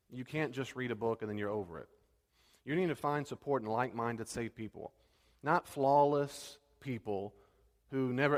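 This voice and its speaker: A male pastor preaching a sermon in a conversational, animated way, acting out bits of dialogue. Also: medium pitch, long reverb tail.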